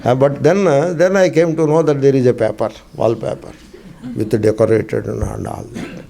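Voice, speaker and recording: A man's voice: medium pitch, fairly even intonation, normal speed, gravelly, dark tone. A man, a swami, teaching a spiritual discourse class, emphatic and fond of asking and answering his own questions, repeating key phrases with dry humor.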